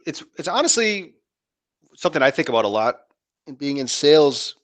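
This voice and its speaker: Salesman guy on a podcast, rambly and animated, dry close sound. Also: on the high side, moderate pace, dry recording. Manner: animated, rambling, acts out phone calls. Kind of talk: casual chat.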